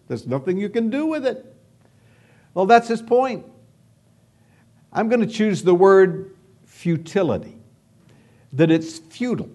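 A man's voice: on the high side, darkish tone. A man preaching an expository sermon, dramatic and emphatic, asking rhetorical questions.

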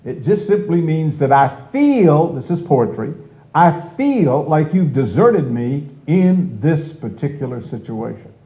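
An older man preaching a sermon slowly and emphatically, raising his voice when he quotes cries for help. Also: on the high side, very animated, dark tone. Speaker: pastor. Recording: dull lo-fi sound.

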